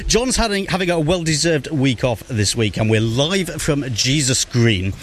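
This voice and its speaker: A man's voice: mid-range voice, expressive, moderate pace, a little hiss or hum. A man presenting live radio from an outdoor event, chatty with many fillers. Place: outdoor broadcast.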